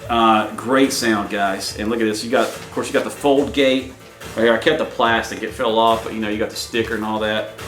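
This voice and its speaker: Excited man rambling about his record haul. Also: fairly low pitch, a little fast. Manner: enthusiastic, rambling, addresses viewers as guys. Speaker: collector vlogger. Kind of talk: casual show-and-tell vlog. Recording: echoey room with faint music.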